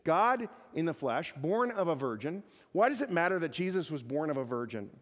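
A man's voice: a little high, big pitch swings, moderate pace. A man preaching a sermon as pastor, often repeating words as he builds to emphatic peaks. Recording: long reverb of a large hall.

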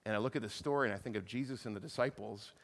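A man preaching a sermon in a relaxed, conversational way, often restarting his sentences. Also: on the low side, in a large hall. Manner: conversational, halting with many restarts. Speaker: pastor. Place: church meeting room.

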